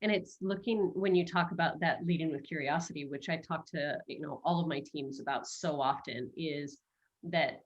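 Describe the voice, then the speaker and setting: Animated woman coaching on a video call. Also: sits low, moderate pace, muffled recording. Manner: animated, playful, jumps into quoted self-talk. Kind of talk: casual conversational coaching.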